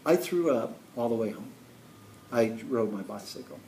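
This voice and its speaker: A man from Chicago telling an animated story and coaxing a live class to join in as a motivational speaker. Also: fairly low pitch, normal speed, slight background noise. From Chicago, USA. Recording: roomy sound from a distant mic.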